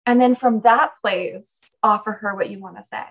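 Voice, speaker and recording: A woman's voice: mid-range voice, normal speed, a bit bright, poor audio. Emphatic encouraging woman coach. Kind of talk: coaching conversation.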